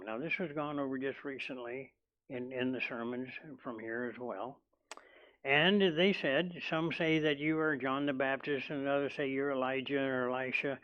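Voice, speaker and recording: A man preaching a sermon in a church, talking slowly and deliberately, often restarting his sentences. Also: medium pitch, highs cut off. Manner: slow and deliberate, with many restarts. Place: church hall.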